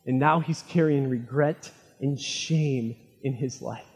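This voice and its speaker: A man preaching a sermon, retelling a story dramatically and swinging from loud, fervent lines to hushed ones. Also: mid-range voice, slow, slightly rough. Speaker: pastor. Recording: long hall reverb.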